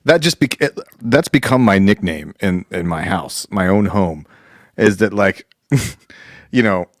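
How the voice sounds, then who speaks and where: A man with a lowish voice that swings widely in pitch as he jokes and tells stories, acting out the voices of others. The sound is dry and close, with no room around it. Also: expressive, unhurried, dry recording. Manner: joking, storytelling, acts out family voices. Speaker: podcast host. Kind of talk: casual chat.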